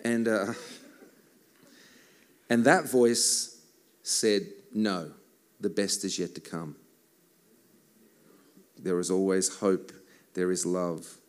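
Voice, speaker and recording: A man with a somewhat low voice talks casually from the stage between worship songs. He tells stories in a joking, self-mocking way and keeps the banter loose. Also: fairly even intonation, extremely slow, long pauses. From Australia. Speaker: worship musician and songwriter. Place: church service.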